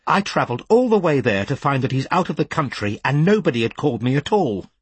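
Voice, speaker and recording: A man reading an audiobook, voicing an agitated thin male client who shouts in a high voice that cracks into falsetto. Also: very animated, quick pace, slightly rough, no room sound. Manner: furious accusing outbursts.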